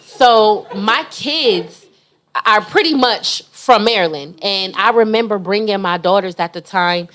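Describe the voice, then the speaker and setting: A woman's voice: mid-range voice, a little slow, a bit bright. A woman from Buffalo co-hosting a podcast, giving earnest advice in a casual chat full of "you know". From Buffalo, New York.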